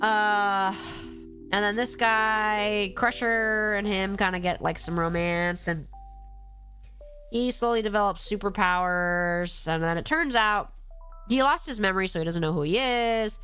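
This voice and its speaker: A woman's voice: mid-range voice, measured pace, a bit bright, faint music behind. A woman with a cold, tired and rambling casually on a live stream, swearing freely and answering her chat as she goes.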